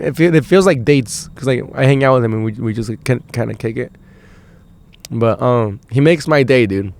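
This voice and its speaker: A young male podcast host with a mid-range voice tells a loose, slangy story, swearing and saying "dude" a lot. The recording is dry.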